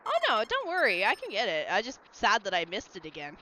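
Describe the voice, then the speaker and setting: Chatty streamer with a lively, bright voice. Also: medium pitch, a little fast, a little hiss or hum. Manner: rambling, chatty, answers chat messages. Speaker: livestreamer. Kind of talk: casual stream chat while gaming. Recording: slightly dull lo-fi mic. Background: faint game music.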